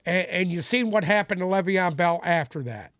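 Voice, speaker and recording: A man's voice: high-pitched, expressive, normal speed, fairly bright tone, dry recording, studio quality. A man co-hosting a casual sports podcast, blunt and opinionated, often stumbling over his first words before a point. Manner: opinionated, stammers restarts, blunt.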